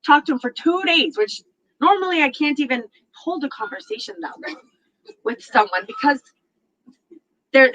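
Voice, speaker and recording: A woman's voice: high-pitched, normal speed, pauses often, dull audio. A woman hosting a talk show, chatting casually and acting out what others said, laughing often. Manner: animated, acts out quotes, laughs often. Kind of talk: casual storytelling chat.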